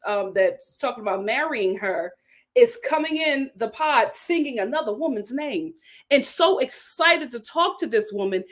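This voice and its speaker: Sassy woman recapping reality TV. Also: a little high. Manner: sassy, animated, blunt. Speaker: vlog host. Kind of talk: casual reality-TV recap commentary.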